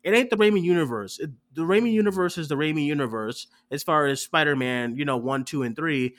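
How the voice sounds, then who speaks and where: A man's voice: on the high side, brisk. A man co-hosting a casual movie reaction show, telling his theater experience with lots of energy, acting out lines and laughing. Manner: animated storyteller, acts out quotes, swears, laughs often.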